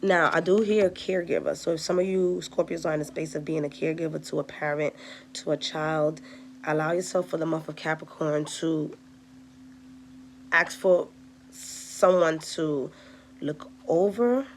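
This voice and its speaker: A woman's voice: deep voice, fairly even intonation, moderate pace, a little hiss or hum. A woman giving a casual tarot reading, chatty and direct, talking straight to her viewers. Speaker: tarot reader.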